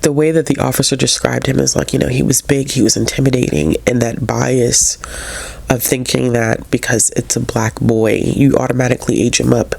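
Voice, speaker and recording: Congested woman with a gravelly voice. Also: rumbling low, steady tone, moderate pace, a little mellow. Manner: chatty and earnest, with frequent fillers and restarts. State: congested from a cold. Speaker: book vlogger. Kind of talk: casual reading vlog chat.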